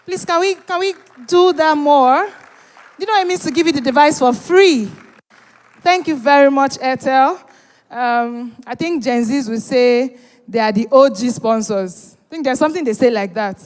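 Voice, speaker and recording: A high-pitched woman emcees a live event into a handheld mic. She is animated and playful, coaxing the crowd to answer and cheer. Her voice rings out with the long reverb of a big hall. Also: moderate pace. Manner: animated, teasing, urging the crowd. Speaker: event host. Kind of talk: hosting a live event, bantering with the audience.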